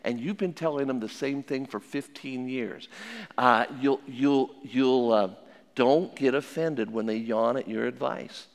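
A man's voice: mid-range voice, unhurried. An older man, a family counselor, giving plainspoken advice to an audience with stories and repeated maxims. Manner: plainspoken and anecdotal, with many restarts and repeated maxims. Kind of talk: folksy talk with religious advice. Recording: long hall reverb.

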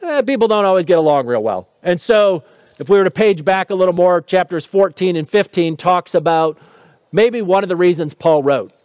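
A man's voice: high voice, animated, normal speed, a little mellow, clean tone, no echo, studio quality. A man preaching a sermon, explaining scripture in a teaching tone with light humor and rhetorical questions. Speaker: pastor.

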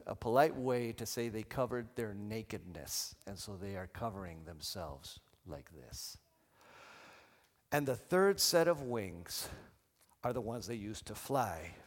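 A man preaching a sermon in a church, animated and leading the congregation in call and response. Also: medium pitch, big-room sound. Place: church sanctuary.

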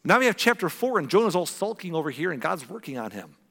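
Midwest guy preaching, kinda high voice, jumps way up when he acts stuff out, long echo. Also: sing-song, quick pace, a bit bright. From American Midwest. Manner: conversational, acts out quotes with big pitch jumps. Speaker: pastor. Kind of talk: sermon.

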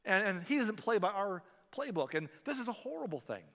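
A man voicing a group of panicky scheming male religious leaders who stammer and whine in a high, flustered voice. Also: sing-song, fairly quick, fairly bright tone, in a large hall, full character voice. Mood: panicked.

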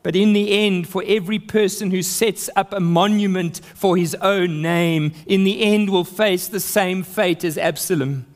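A man's voice: high-pitched, steady tone, measured pace, few pauses. A man preaching an expository sermon, reading scripture aloud and building emphasis.

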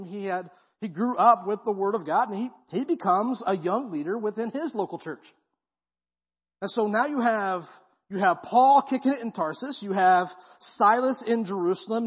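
High-voiced preacher in a reverberant hall. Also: male voice, husky. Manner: casual, slangy preaching with frequent "right?" asides. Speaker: guest pastor. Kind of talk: sermon. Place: church sanctuary. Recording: dull, muffled sound with long hall reverb.

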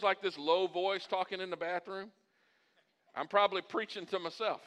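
A man preaching a sermon as pastor, animated and folksy, building to loud, impassioned peaks. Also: sits high, moderate pace. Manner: folksy and humorous asides.

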